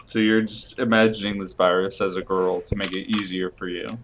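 A man in a comedy podcast who makes dry, deadpan remarks. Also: deep voice, fairly quick, slight background noise. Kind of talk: improvised comedy chat.

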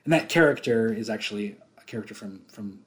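A podcast co-host with a fairly low voice talks fast and casually about a film, full of enthusiasm. He laughs often and swears freely.

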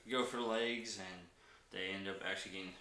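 A man narrating as game master in a tabletop game, relaxed and laughing often. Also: sits low, fast talker, echoey room.

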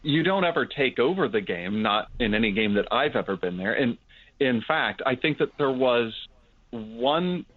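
A man's voice: mid-range voice, expressive, normal speed, dry recording. Enthusiastic man on a tinny line. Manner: enthusiastic, jokey geek banter. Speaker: podcast co-host. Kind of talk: casual podcast chat. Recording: tinny phone-like line, dry.

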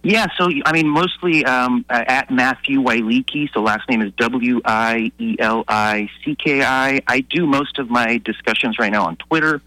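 A man's voice: medium pitch, moderate pace, hardly any pauses, pushed and bright, no room sound, poor audio. A man being interviewed on the radio as a guest scientist, explaining his views earnestly and often restarting his sentences.

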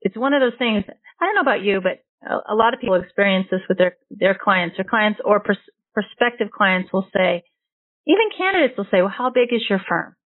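A woman's voice: mid-range voice, animated, fairly quick, no room sound. A woman who hosts a recruiting podcast, chatting in an affirming, conversational way. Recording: tinny phone-like dry sound.

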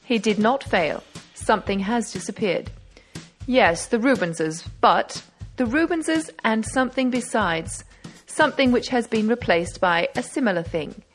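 A woman's voice: on the high side, expressive, a little slow, faint music behind. A woman reading aloud as a brash young male amateur detective, speaking with eager, triumphant reasoning. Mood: exultant.

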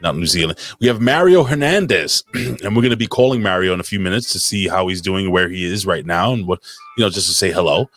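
A man's voice: low-pitched, lively intonation, fast, fairly bright tone, no echo. A man co-hosting a live podcast, bantering loosely and swearing while reading out chat names. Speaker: podcast co-host.

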